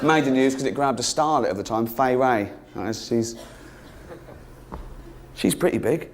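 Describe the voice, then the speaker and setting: A man's voice: moderate pace, very noisy. Sardonic man doing stand-up. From England. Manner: sardonic, mocking, rising to high-pitched exasperation. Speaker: stand-up comedian. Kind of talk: stand-up routine. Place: theatre stage with live audience.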